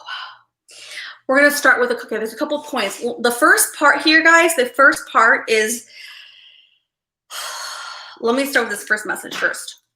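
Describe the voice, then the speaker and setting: A woman hosting a live collective tarot reading, excitable and rambling, who keeps checking in with her listeners. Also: on the high side, roomy sound, slight background noise, rough recording. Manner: excitable and rambling, with frequent "okay?" and "right?" check-ins. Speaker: tarot reader and livestream host.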